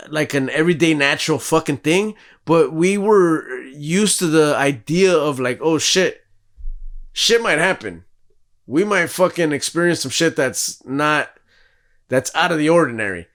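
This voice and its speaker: A man co-hosting a podcast, telling a story in casual, profane talk and acting out what people said. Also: medium pitch. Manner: profane, animated, acts out quotes. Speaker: podcast co-host.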